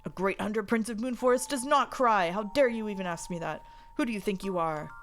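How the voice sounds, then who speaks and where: A woman voicing a proud, brooding young male hunter prince in a visual novel, talking in a gruff, defensive, commanding way. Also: low voice, a little fast, a little hiss or hum. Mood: indignant.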